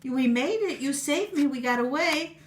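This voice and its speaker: A woman's voice: sits high, expressive, normal speed, voice pushed up. A woman voicing an earnest, kind young boy while reading a storybook aloud. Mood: cheerful. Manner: earnest, explaining, eager.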